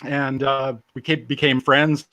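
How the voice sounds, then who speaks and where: A man's voice: medium pitch, little pitch movement, measured pace, bright, forceful tone, dry recording. Laid-back man in his forties. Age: 40s. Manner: laid-back, joking, self-deprecating. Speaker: interview guest. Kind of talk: casual storytelling.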